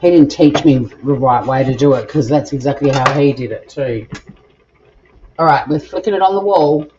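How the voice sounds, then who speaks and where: A woman's voice: a bass voice, normal speed, dark tone, lo-fi sound, a little hiss or hum. An Australian woman hosting a live cooking stream from her home kitchen, chatting to viewers in a bubbly way as she cooks. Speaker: cooking show host.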